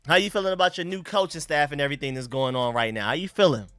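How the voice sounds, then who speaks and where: Excitable young man hosting a live stream. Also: fairly high pitch, fast, no echo, clean studio sound. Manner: excitable, chatty, thanks donors. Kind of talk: casual live-stream commentary.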